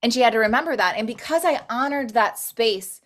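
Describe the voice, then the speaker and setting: An earnest woman with a slightly high voice, speaking in a casual podcast chat. Her speech flows along with frequent fillers. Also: lively intonation, brisk, fairly bright tone. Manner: earnest and flowing, full of "like".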